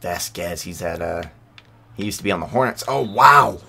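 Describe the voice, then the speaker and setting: A man giving excitable, sarcastic commentary over a basketball video game, yelping at big plays. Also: low-pitched, normal speed, gravelly, breathy edge. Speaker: gaming channel host. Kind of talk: gameplay commentary.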